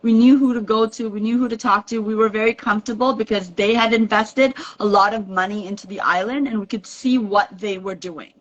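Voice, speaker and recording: A woman's voice: mid-range voice, fairly quick, few pauses. Woman investor, lo-fi call. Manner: relaxed, explanatory, uses "right?" as a tag. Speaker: real estate investor guest. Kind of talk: casual podcast interview.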